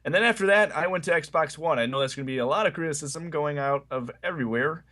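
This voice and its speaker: A young man, a gamer and college student, chatting as a podcast guest, relaxed and joking about himself. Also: a little high, fast talker. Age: young adult. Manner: relaxed, joking, self-deprecating. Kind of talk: casual podcast chat.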